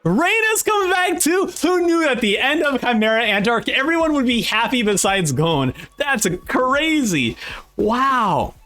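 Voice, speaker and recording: A young man reacting to a manga as he reads it aloud, excitable and exclaiming often. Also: very high voice.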